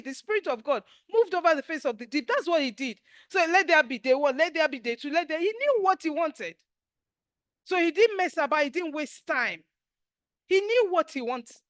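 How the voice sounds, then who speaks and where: A middle-aged woman with a Nigerian accent teaches a spiritual class, her voice pitched high. She is emphatic and animated, acting out each quote as she goes. The sound is dry and close. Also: no room sound.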